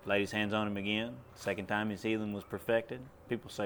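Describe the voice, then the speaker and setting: A preacher with a fairly low voice and little pitch movement speaks briskly, with slight background noise behind him. He recounts a sermon testimony in a plain, drawling storytelling style that rises to loud commands.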